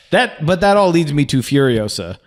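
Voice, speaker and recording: A man co-hosting a podcast in casual chat, jokey and rambling, laughing often. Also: on the high side. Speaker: podcast co-host.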